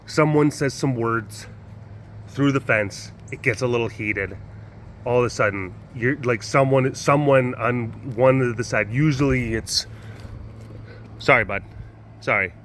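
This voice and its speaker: Unhurried and fairly bright, a man's mid-range voice carries over slight background noise. He keeps big cats at a sanctuary and hosts its webcast, and here he rambles casually to camera outdoors at the wild animal facility, with many restarts, lots of laughter and occasional animal mimicry.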